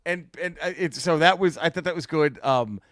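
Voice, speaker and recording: A man co-hosting a comedy podcast, chatting casually and profanely, animated and quick to laugh. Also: on the high side, no room sound, studio quality. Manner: animated, profane, laughs a lot, does mock impressions. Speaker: podcast co-host.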